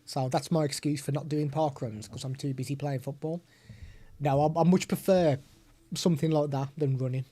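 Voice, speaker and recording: A man's voice: on the high side, steady tone, moderate pace, dark tone. A man chatting casually while demoing audio gear on a desk mic. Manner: chatty, hands-on explaining. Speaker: tech reviewer. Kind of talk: product demo vlog. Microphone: desktop USB/XLR microphone.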